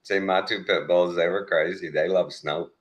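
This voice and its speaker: A man hosting a casual chat, telling animated stories and laughing often. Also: low-pitched, normal speed. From Texas. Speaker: host.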